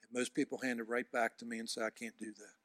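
A man preaching a sermon with emphatic repetition, swinging from loud shouts to hushed near-whispers. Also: medium pitch, flat delivery, quick pace, no echo.

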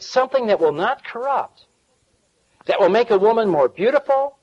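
A man's voice: high voice, dull audio. A middle-aged man preaching a sermon as pastor, in a folksy style with chuckles and asides.

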